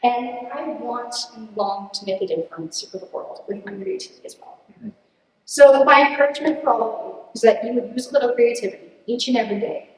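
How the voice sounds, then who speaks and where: A young woman in her late teens giving an earnest, animated student presentation and answering questions, laughing at herself now and then. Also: fairly high pitch, a little fast. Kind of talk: presentation speech and Q&A. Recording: echoey hall, distant mic.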